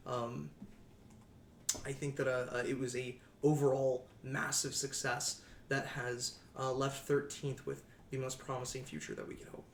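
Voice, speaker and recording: A man's voice: mid-range voice, level tone, gravelly, a little hiss or hum, close to an everyday voice. A man voicing a hesitant young male hero speaking for his team, sincere and full of fillers, in a tabletop role-play. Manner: halting, many fillers, sincere. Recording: echoey room, mic at a distance.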